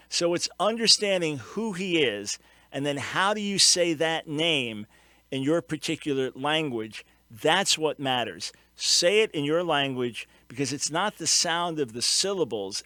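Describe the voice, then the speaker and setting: A man hosting a call-in radio show, voice pitched a little high and recorded very dry. He explains each point earnestly, pressing hard on the key words. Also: bright, forceful tone, dry recording.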